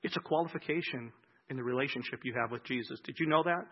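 A man preaching a sermon as pastor, swinging between loud, emphatic acted-out quotes and slow, soft reflection. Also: mid-range voice, slightly rough, highs cut off.

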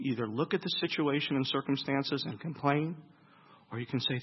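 A man preaching a sermon, asking his listeners questions and answering them, swinging between loud emphasis and hushed, low lines. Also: brisk, breathy edge, lo-fi sound.

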